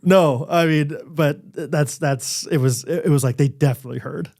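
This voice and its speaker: A man's voice: fairly high pitch, moderate pace, creaky, a little mellow. A man co-hosting a casual podcast, telling a goofy everyday story with playful asides. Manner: jokey storyteller, sings snatches in a put-on croon. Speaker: podcast co-host. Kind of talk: casual chat.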